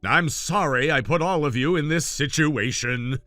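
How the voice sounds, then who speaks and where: A man voicing an ailing father who speaks gently and pleads with his son. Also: fairly high pitch, unhurried, no echo. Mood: pleading. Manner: soft-spoken, pleading. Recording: dry, faint music behind.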